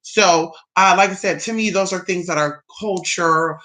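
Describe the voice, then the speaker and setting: Sassy American spiritual vlogger, bright and forceful, cusses, mocks with big pitch swings. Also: moderate pace. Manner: sassy, blunt, swears; mocking, with big pitch jumps. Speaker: spiritual YouTuber. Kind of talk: casual opinion monologue.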